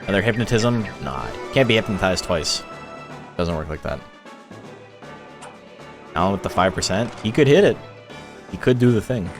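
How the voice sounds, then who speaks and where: A man hosting a live stream, giving casual commentary on monster battles in a relaxed, chatty way and laughing as he tells stories. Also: fairly low pitch, normal speed, pauses often, music in the background.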